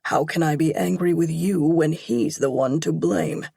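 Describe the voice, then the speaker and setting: A woman narrator voicing a stern, protective father who speaks hard and measured in an audiobook. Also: low-pitched, vocal fry, dark tone, slightly rough, dry recording, heavily acted. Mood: stern, gentle.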